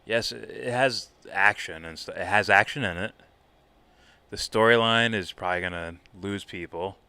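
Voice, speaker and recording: A man's voice: sits low, pushed and bright, clear, resonant tone, dry recording. A man co-hosting a casual live reaction stream, rambling about films with lots of swearing and laughter. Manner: profane, rambling, laughs a lot. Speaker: co-host.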